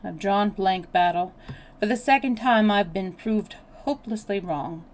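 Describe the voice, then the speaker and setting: A woman's voice: medium pitch, measured pace, darkish tone, natural voice. Woman voicing a wry, teasing young man. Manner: teasing, ironic.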